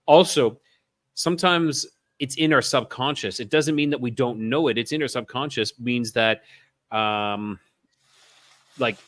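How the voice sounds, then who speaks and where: A man's voice: mid-range voice, a little slow, a bit bright, no echo, clean studio sound. A man co-hosting a call-in show, talking casually and reassuringly while often repeating himself. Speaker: co-host. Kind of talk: casual talk show chat.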